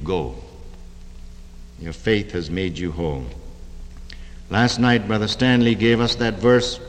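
A man preaching a sermon, reading scripture in a lively cadence and easing into soft, prayerful tones. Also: medium pitch, in a large hall.

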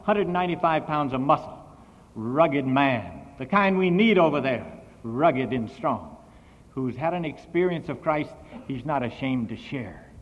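Brief: male missionary preacher, fairly high voice, lively storytelling, dull old recording with long reverb. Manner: animated, big swings in volume and pitch. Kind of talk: sermon storytelling.

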